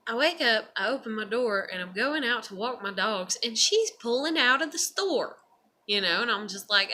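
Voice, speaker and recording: A woman's voice: medium pitch, animated, moderate pace, bright, forceful tone. A woman vlogger talking in a profane, meandering monologue with frequent laughs and sighs. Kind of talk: casual rambling monologue.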